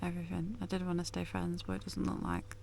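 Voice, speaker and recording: A woman's voice: on the low side, sing-song, fast, gravelly, a little mellow, a little hiss or hum. A woman talking candidly and chattily to camera in a casual vlog from inside her van. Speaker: vlogger.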